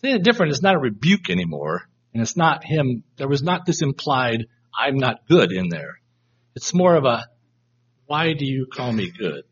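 Husky, animated man teaching a Bible class. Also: medium pitch, normal speed. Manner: reflective, reads verses aloud and tries out inflections. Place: room with a live class. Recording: dull lo-fi recording.

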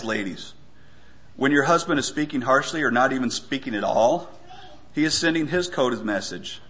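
A man giving a conversational sermon, often pausing with fillers and stumbling for words. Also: medium pitch, fairly bright tone. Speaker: preacher.

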